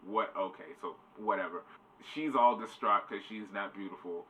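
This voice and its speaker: A man's voice: on the low side, moderate pace, sharp tone. A man giving a casual, rambling spoiler review, swearing loosely. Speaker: show reviewer. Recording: distant mic, faint background noise.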